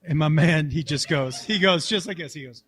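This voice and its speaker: A man telling a story on stage as a stand-up comedian and joking with the crowd, jumping between shouts and mutters. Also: fairly high pitch, normal speed. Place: large hall with a live audience.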